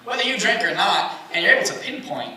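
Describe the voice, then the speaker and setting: A man's voice: high-pitched, big pitch swings, fast. A young man performing a stand-up comedy set, telling a family story and acting out his parents' lines. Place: comedy stage with a laughing audience. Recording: roomy, distant live room with loud noise.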